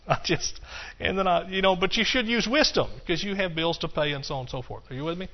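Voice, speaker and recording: A male pastor delivering a sermon in church with a folksy, animated delivery that jumps from loud exclamations to quiet, hushed asides. His voice sits a bit high for a man. The recording is dull and lo-fi. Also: fast talker.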